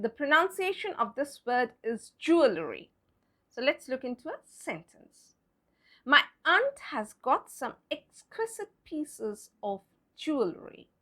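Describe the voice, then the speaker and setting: A woman's voice: fairly high pitch, a bit bright. A woman teaching English pronunciation, spelling words out letter by letter and modeling each one with emphasis. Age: adult with a son. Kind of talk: pronunciation lesson.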